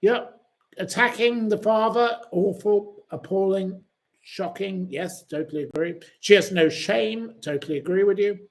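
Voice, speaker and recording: Man, livestream host, indignant harsh commentary, high voice. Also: measured pace. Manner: indignant, harsh name-calling, reads viewer comments aloud.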